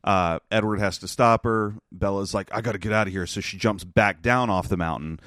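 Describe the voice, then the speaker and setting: A young man hosts a podcast and talks through a movie plot in a loose, rambling way. He laughs often and swears casually, in a fairly low voice. The sound is dry and close to the mic. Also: brisk, fairly bright tone, dry recording. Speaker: podcast host. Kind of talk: casual movie recap chat.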